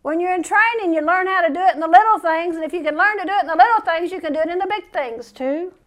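A woman's voice: very high-pitched, fast talker. A woman preacher delivering a sermon, reading scripture aloud and breaking into folksy, fiery asides.

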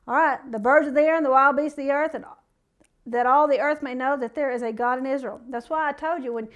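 A woman with a high voice preaches a sermon. She reads scripture aloud, then drops into folksy, plain-spoken asides to her listeners. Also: fast talker, highs cut off.

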